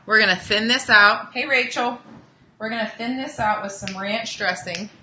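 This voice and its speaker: A woman's voice: a little high, moderate pace, roomy sound, noisy background. A woman hosting a casual live cooking demo, chatting with viewers as she cooks in a home kitchen. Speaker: cooking show host.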